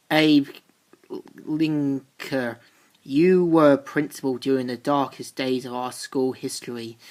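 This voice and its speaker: A woman's voice: a bass voice, darkish tone, voice pushed down. A woman voicing an anxious, pompous male school principal in a solemn, formal way.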